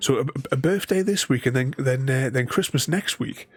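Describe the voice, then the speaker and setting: A man's voice: mid-range voice, normal speed. A man streaming a game, chatting casually with viewers in a rambling, chuckly way. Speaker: gaming streamer. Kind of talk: casual live-stream commentary. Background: faint game music.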